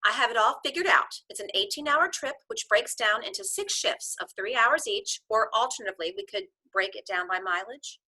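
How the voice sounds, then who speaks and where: Woman reading a cheerful organized young woman, bright and lively, casual read. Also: a little high, a little fast, hardly any pauses, husky, heavily acted. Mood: earnest. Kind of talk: casual script read-through.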